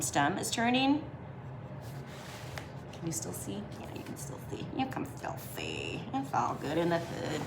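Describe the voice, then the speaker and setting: A woman's voice: fairly low pitch, roomy sound, noisy background. A woman giving a casual drawing lesson as she sketches. She talks in a chatty, slangy way and laughs often. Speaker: drawing teacher.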